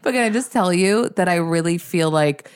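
A woman's voice: lowish voice, lively intonation, moderate pace, clear, resonant tone, no room sound, clean studio sound. A young woman hosting a podcast, chatting casually with plenty of fillers and frequent laughter. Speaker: podcast host. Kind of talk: casual chat.

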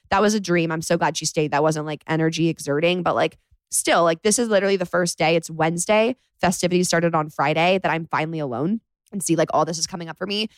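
A young woman hosts a casual solo podcast from her bedroom, emotional after crying. She's chatty and confiding and says "like" a lot. Her fairly low voice is smooth, with no echo.

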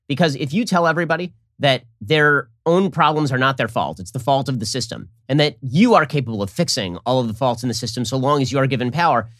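A man hosting an interview, brisk and analytical as he frames his questions. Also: medium pitch, fairly bright tone, no echo, studio quality. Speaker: interviewer and show host.

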